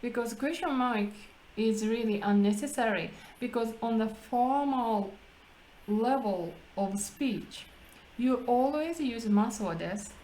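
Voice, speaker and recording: A woman's voice: fairly high pitch, slow pace, a little mellow, slight background noise, rough recording. A woman with a Japanese accent explaining grammar in English, going step by step and asking rhetorical questions. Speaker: English practice host. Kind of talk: casual teaching chat.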